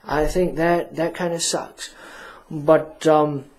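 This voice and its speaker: A male radio talk host with a fairly high voice drawls along unhurriedly, circling his point with fillers and self-mocking asides. He sounds relaxed and chatty, as if in a small radio studio.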